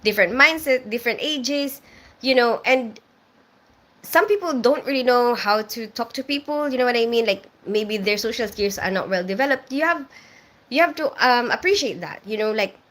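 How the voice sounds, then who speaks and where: Bright-voiced woman chatting on a live stream. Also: fairly high pitch, animated, moderate pace. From Philippines. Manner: reads viewer comments aloud and answers them; chatty with frequent fillers. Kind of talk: casual live-stream chat.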